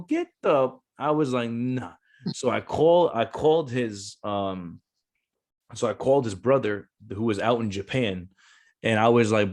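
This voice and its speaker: Fairly low in pitch with a darkish tone, a Marine gunnery sergeant and former recruiter speaks casually on a podcast. He's blunt and profane, acting out the voices of people in his stories.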